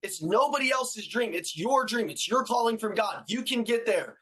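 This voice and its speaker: A man giving a motivational speech on sales in an emphatic, repetitive, slangy style that builds to loud shouts. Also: high-pitched, expressive, moderate pace, poor audio. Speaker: sales trainer and motivational speaker.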